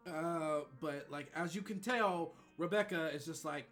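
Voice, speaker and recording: A man streaming, telling a gossipy story in a casual, animated way and acting out other people's voices. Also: fairly high pitch, measured pace, soft background music.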